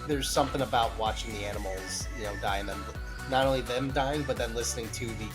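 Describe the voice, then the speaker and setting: Man chatting over clear background music. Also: mid-range voice, fast. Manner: organizing, keeps the show on track. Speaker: podcast co-host. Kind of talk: casual chat.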